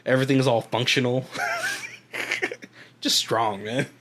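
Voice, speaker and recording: A man's voice: mid-range voice, steady tone, measured pace, noisy background. A man co-hosting a movie podcast in casual chat, rambling and laughing often as he recaps. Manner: rambling, laughs often, swears, puts on voices for quotes. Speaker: podcast co-host.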